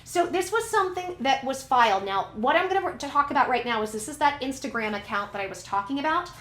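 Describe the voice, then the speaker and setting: A woman's voice: sits high, expressive, quick pace, fairly bright tone. Chatty woman in an echoey room. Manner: chatty, stumbles over names and words. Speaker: commentary channel host. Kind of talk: casual commentary reading court documents.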